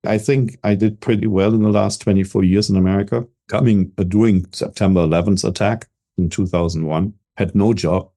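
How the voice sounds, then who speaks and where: With a German accent, an older man born in Germany gives a casual interview as a business coach, sounding sure of himself and full of energy. His low-side voice moves fairly quickly with few pauses, and he tends to repeat words as each thought begins.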